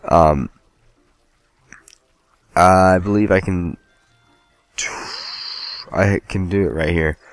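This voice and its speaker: A man's voice: low voice, steady tone, extremely slow, pauses often, no room sound, soft background music. A man casually commenting on a game as he plays, rambling and joking at himself. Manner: rambling, joking, self-deprecating. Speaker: let's play host.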